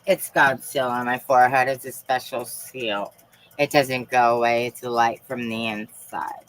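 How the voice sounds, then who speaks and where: Low, slow-talking fervent woman. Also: flat delivery, poor audio. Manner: profane, fervent, emphatic. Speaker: livestream host. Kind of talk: rambling live-stream monologue.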